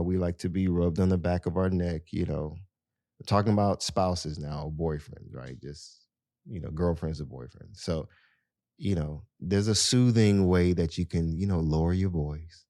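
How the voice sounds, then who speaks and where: Deep-voiced man giving casual advice. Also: mellow, no echo, clean studio sound. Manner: conversational, many "you know" fillers, addresses listeners directly. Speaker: podcast host.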